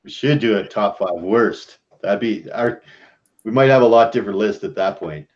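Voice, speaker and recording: A man's voice: on the low side, moderate pace, darkish tone. A man taking part in a live online chat, laid-back and chiming in with short remarks. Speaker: guest. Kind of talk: casual chat. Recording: dull lo-fi call audio.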